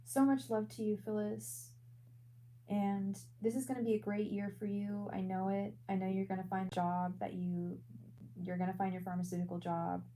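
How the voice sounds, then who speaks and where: Woman, tarot reader on a live stream, halting and repetitive, flat even pitch, faint hum behind. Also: low-quality recording. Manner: soft, halting, many repeated words. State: emotional. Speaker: tarot reader and psychic medium. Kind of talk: live-streamed psychic reading.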